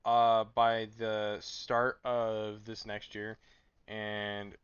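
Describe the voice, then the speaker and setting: A man's voice: on the low side, monotone, drawn-out words, a bit bright, smooth, no echo. A sleep-deprived man streaming late at night, chatting casually and rambling with stammered restarts. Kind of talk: casual live stream chat. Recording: dull lo-fi mic.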